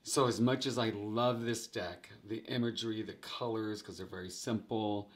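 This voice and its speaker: A man's voice: lowish voice, fairly even intonation, moderate pace, slight background noise. A man hosting his own tarot vlog, chatting animatedly to viewers, laughing often and calling them "guys". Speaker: tarot video host. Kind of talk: casual vlog talk to viewers.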